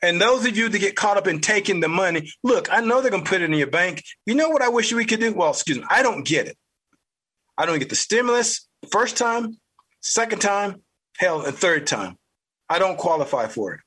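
A man with a Southern US accent, hosting a podcast with blunt, fired-up political commentary, mild cursing and a husky voice. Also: high voice, sing-song, brisk, bright, forceful tone. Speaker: podcast host.

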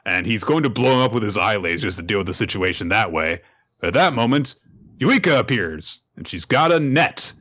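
A man's voice: lowish voice, expressive, brisk, fairly bright tone, dull audio. A man hosting a podcast, recapping a chapter in a casual, amused storytelling manner.

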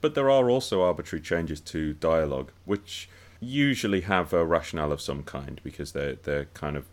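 A man with a very deep, low voice talks through a podcast discussion in a relaxed, unscripted way. He often restarts his sentences and repeats words while he gathers his thoughts. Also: normal speed. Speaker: podcast co-host.

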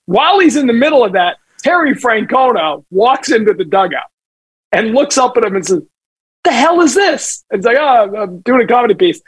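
Middle-aged New sports broadcaster, high husky voice, dry close sound, animated anecdote teller. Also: male voice, fairly quick, no echo, poor audio. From New England. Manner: lively storyteller, does voices in anecdotes. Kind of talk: casual podcast chat.

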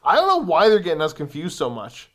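A man's voice: a little high, huge pitch swings, quick pace. Laid-back young man chatting on a stream. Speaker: co-host reading viewer questions. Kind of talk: casual chat.

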